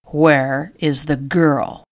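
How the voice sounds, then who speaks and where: A woman voicing a towering, dark intruder who growls demands in an audiobook. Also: extremely low pitch, steady tone, moderate pace, no room sound, studio quality, voice pushed down. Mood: menacing. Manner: growling, commanding. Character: towering, dark, threatening young nobleman.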